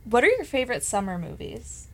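A woman's voice: a little high, big pitch swings, fairly quick, a bit bright. A young adult woman chatting casually as a co-host, bubbly and full of "like". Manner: chatty, bubbly, uses "like" often. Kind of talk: casual chat.

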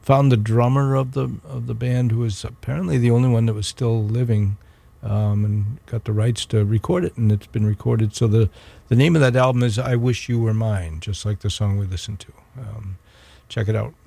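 A young man hosting a college radio show, casually back-announcing songs in a relaxed, halting way with many ums and restarts. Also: medium pitch, vocal fry.

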